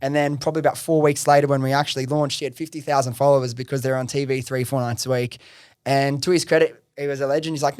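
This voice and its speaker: Speaking at a quick pace with a clear, resonant, middle-pitched tone, a man shares his business story in a casual podcast interview. His style is loose and excitable, full of swearing and "like" and "bro," and the close, dry mic leaves no echo or room sound.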